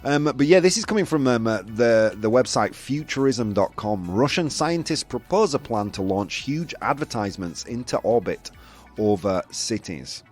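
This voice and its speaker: A man's voice: medium pitch, animated, moderate pace, soft background music. A man with a Yorkshire accent hosting a casual show, chatting loosely with lots of fillers and laughs. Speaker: host. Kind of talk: casual live show chat.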